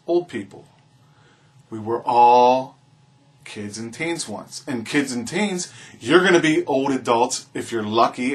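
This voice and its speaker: A man's voice: mid-range voice, fairly bright tone. A man vlogging his opinion in an impassioned, preachy monologue, repeating his appeals to the viewer. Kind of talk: earnest opinion monologue to camera.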